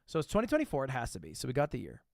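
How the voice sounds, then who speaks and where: A male livestreamer with a lively, bouncing voice, talking his way through a guessing game in casual chat. He swears freely and mocks himself as he goes. The sound is dry, close and free of room echo. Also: mid-range voice, vocal fry. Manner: thinks aloud, swears casually, quick self-mocking asides.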